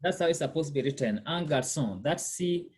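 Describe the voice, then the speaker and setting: A man tutors French, his voice sitting on the higher side. He speaks patiently, repeating each word and asking "okay?" to make sure the student follows. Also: fast talker, darkish tone, slight background noise. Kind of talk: one-on-one language lesson.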